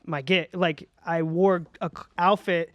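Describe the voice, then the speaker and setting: A man's voice: sits high, fairly even intonation, unhurried, no room sound, highs cut off. A man chatting casually as a podcast guest, a rambling storyteller who laughs a lot. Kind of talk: casual chat. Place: podcast studio. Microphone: studio mic.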